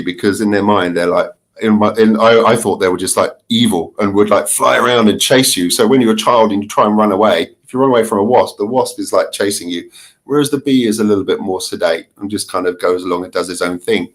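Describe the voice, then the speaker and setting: A middle-aged man from the UK answering interview questions casually, chatty and given to laughing and restarting sentences. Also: lowish voice. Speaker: interview guest, marketing consultant.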